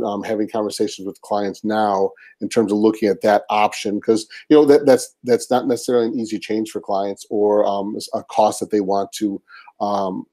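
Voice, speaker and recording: A man speaking as a guest expert on a webinar over a video call, measured and hesitant with many fillers. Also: on the low side, warm tone. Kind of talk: casual expert explanation.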